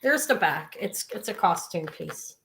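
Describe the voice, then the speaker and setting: With a fairly low, gravelly voice and lively intonation, a woman runs a live jewelry sale at a measured pace against a noisy background. She's chatty and rambling, wandering into side stories and frequent asides as each piece is displayed.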